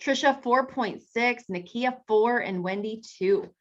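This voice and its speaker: A woman's voice: on the high side, a little slow, lo-fi sound. A woman leading a weight-loss group over a video call, chatty and encouraging, talking straight to the group.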